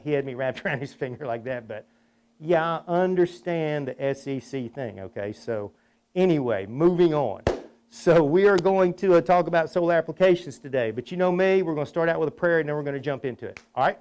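A man hosts a technical webinar in a folksy, chatty way. His voice sits a little on the high side, and he drifts easily into anecdotes. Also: fairly quick, a little mellow. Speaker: webinar host. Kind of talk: casual presentation with storytelling and prayer.

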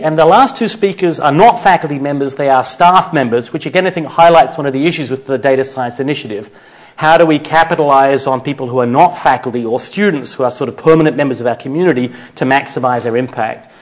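A man with a Chicago accent, opening an academic panel talk in a measured, explanatory way. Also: medium pitch. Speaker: lecturer. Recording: muffled lecture recording.

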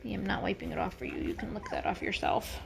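A woman's voice: fairly low pitch, wildly swooping pitch, fast, gravelly. Chatty woman cooing at puppies. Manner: coos at dogs in a singsong voice; chatty, laughing easily. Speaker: farm vlogger. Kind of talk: casual talk to dogs and camera.

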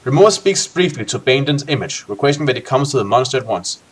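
A man's voice: mid-range voice, expressive, quick pace, breathy edge. A man hosting a co-op game session, reading a gamebook aloud expressively and tossing in joking asides. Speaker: let's play host.

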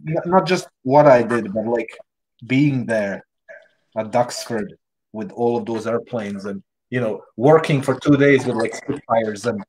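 A man quickly and casually recounting a funny story, with small stumbles. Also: mid-range voice, a little mellow, slight background noise, low-quality recording. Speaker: guest artist.

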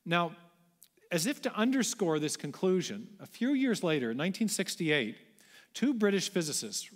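A man giving an animated public lecture, telling the story with emphasis and asking the audience rhetorical questions. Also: high-pitched, moderate pace. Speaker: guest lecturer. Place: large church auditorium. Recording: long church-hall reverb.

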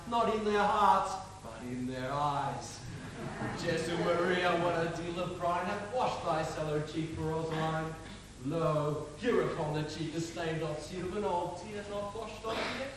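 A man's voice: high voice, a little slow, fairly bright tone. A young man acting a chiding older friar in a stage play, exclaiming and scolding in verse. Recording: echoey hall, far, noisy old tape.

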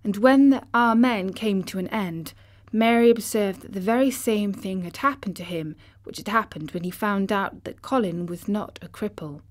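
A woman narrating a children's classic audiobook in a gentle, measured way. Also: mid-range voice. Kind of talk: storybook narration.

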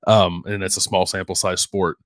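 Lowish voice, football podcast guy, kinda hesitant lots of ums, dry sound. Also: flat delivery, fairly bright tone, no echo. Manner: measured, hesitant with frequent ums. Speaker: podcast co-host. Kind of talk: casual sports talk podcast.

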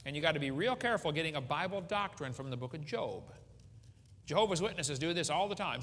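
A man's voice: a little high, expressive, brisk, fairly bright tone. A middle-aged man preaching with folksy humor at a seminar, joking and asking the audience questions. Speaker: creationist speaker. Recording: hall reverb with faint ambience.

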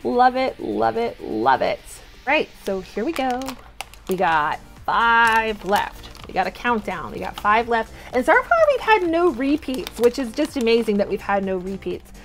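A young woman with a bright, high voice talks through a toy unboxing in a bubbly, gushing way. Faint music plays softly behind her. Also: very animated, a little slow. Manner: bubbly, gushing, bursts into squeals and cheers. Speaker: toy unboxing channel host. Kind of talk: excited unboxing vlog.

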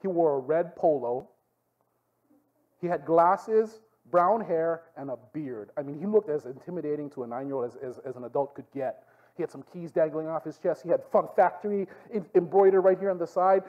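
Speaking at a moderate pace in a slightly high voice, this youth pastor tells lively stories to a youth group in Hawaiian Pidgin-tinged English, frequently asking the room "okay?". The recording has its highs cut off.

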